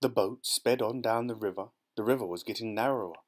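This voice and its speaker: A man narrating a children's storybook audiobook in a steady, expressive reading voice. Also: lowish voice, fairly quick.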